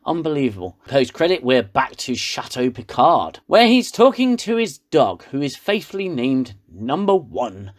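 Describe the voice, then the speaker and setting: A man's voice: mid-range voice, big pitch swings, moderate pace, hardly any pauses. A man with a British accent giving a sarcastic, rambling comedic recap of a TV episode. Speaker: reviewer.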